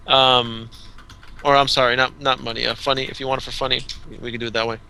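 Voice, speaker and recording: A man hosting a casual gaming podcast, telling rambling, animated stories full of restarts. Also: mid-range voice, fast talker, gravelly, clear, resonant tone, low-quality recording. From Southern California. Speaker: podcast host. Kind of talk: casual chat.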